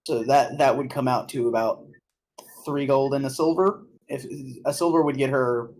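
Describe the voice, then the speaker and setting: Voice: medium pitch, fairly even intonation, normal speed, darkish tone. Hesitant tabletop player. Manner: hesitant, lots of ums. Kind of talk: casual game chat.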